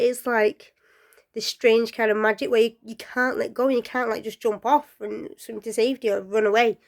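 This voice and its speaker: A woman telling folklore stories casually, chatty and rambling with asides and fillers, often dropping to a soft near-whisper. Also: on the high side. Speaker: storyteller.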